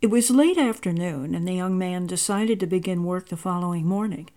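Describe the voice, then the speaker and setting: A woman reading a story aloud in a measured, expressive narrating voice. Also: lowish voice.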